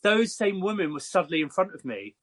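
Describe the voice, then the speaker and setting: An English man in his fifties, a hairstylist guest telling lively, chatty stories with frequent fillers. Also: high voice, fairly quick. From Croydon, England. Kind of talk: casual storytelling.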